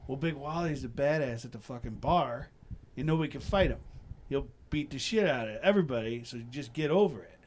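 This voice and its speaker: A man hosting a podcast in casual chat, telling rambling stories full of swearing, dropping to a mumble and then bursting out loud. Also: mid-range voice, a little fast. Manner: profane, animated storyteller, swings between mumbles and loud bursts. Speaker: podcast host.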